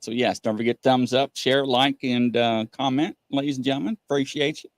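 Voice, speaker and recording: A man's voice: mid-range voice, a little fast, no echo, studio quality. A man hosting a live call-in stream, chatting in a rambling, folksy way and reading viewers' questions aloud. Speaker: host of a live call-in show. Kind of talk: casual live-stream chat.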